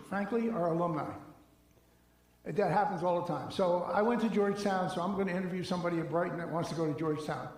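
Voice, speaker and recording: High-voiced man in an echoey hall. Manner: animated storytelling, acts out dialogue. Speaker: seminar speaker. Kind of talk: conversational seminar talk. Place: large echoey church hall.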